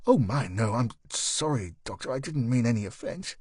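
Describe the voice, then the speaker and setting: A man voicing an anxious, polite upper-class woman who keeps up a strained smile, in a higher, prim voice. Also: animated, normal speed, a little mellow, slightly rough, no room sound, clean studio sound. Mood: flustered.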